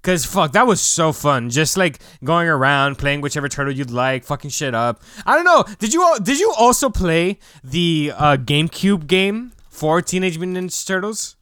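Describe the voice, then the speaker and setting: A man's voice: a little high, expressive, moderate pace, hardly any pauses, fairly bright tone, clear, resonant tone, no echo, studio quality. A young man co-hosting a casual podcast, talking loosely with lots of fillers and some swearing. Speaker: podcast co-host. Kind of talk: casual chat.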